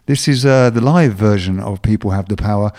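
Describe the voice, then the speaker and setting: Low, mellow Londoner hosting radio. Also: male voice, a little fast, no room sound, clean studio sound. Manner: musing, with many fillers. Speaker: radio show co-host. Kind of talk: casual radio chat.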